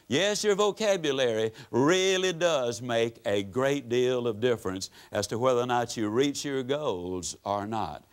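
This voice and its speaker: An older man gives a motivational seminar talk to a live audience, telling stories with emphatic, drawn-out pauses. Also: medium pitch. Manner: folksy, storytelling, emphatic with dramatic pauses. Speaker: motivational speaker.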